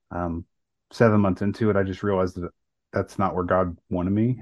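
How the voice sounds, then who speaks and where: A man's voice: low-pitched, dry recording, highs cut off. A man co-hosting a podcast, earnestly recounting a personal story in casual talk with many fillers and restarts. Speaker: podcast co-host.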